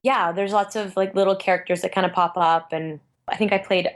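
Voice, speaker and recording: Chatty woman with a natural rasp. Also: mid-range voice, fairly even intonation, a little fast, poor audio. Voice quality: natural raspy voice. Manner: chatty, lots of "like" fillers, laughs often. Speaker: guest voice actress. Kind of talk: casual interview chat.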